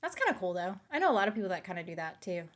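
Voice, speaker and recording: A woman's voice: medium pitch, big pitch swings, racing, a bit bright. A woman in her late twenties with a light Southern US accent, chatting casually as a streamer in a rambling, hesitant way. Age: late 20s. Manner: rambling, hesitant, many fillers. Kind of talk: casual chat.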